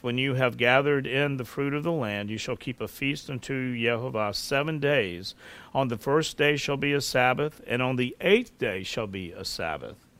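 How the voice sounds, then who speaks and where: A middle-aged man preaching a sermon, speaking earnestly and reading scripture aloud at a measured pace. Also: mid-range voice, fairly bright tone, clean tone, dry recording. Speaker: pastor.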